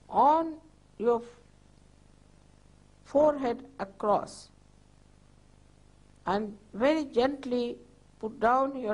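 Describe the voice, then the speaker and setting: An older woman, a spiritual teacher, guides a meditation in a slightly high voice. She talks very slowly and gently, patiently repeating her instructions.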